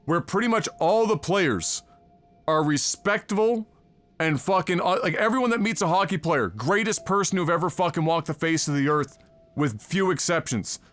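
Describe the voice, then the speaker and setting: Sarcastic, high-voiced Canadian streamer man. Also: lively intonation, normal speed, a bit bright. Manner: sarcastic, exasperated, heavy swearing. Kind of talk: profane ranting commentary on a live stream.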